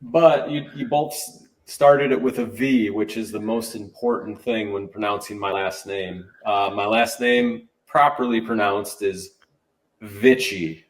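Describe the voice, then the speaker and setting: A man speaking as a podcast guest over a video call, relaxed and joking. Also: on the low side, measured pace, reverberant. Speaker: guest, disc golf brand manager. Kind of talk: casual podcast chat.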